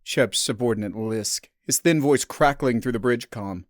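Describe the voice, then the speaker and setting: A male narrator reads a science fiction story in a steady, dramatic way. His voice sits mid-pitched, and the recording is close and dry with no room sound. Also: moderate pace, no echo.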